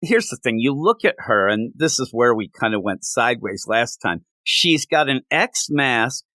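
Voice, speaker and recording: A man's voice: medium pitch, moderate pace, dry recording. Chatty man reviewing comics, dry sound. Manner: rambling, animated, with many restarts. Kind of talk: casual review chat.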